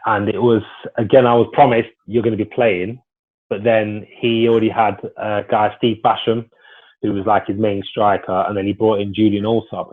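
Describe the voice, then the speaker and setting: A man, a former footballer telling stories in a casual, rambling way with lots of restarts. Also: lowish voice. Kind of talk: casual storytelling interview. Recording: phone-like narrow sound.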